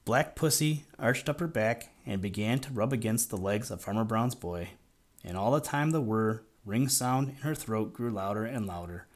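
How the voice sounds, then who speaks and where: A man's voice: fairly low pitch, moderate pace. Man reading a children's storybook. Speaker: audiobook narrator. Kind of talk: scripted narration of a children's story.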